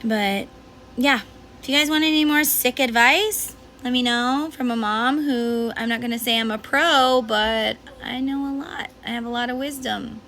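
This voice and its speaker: A woman's voice: fairly high pitch, moderate pace, bright, forceful tone, poor audio. A woman in her thirties, a mother of five, talking casually to viewers in a rambling, chatty way with lots of fillers. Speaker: mom vlogger. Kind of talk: casual chat to camera. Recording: noticeable background noise.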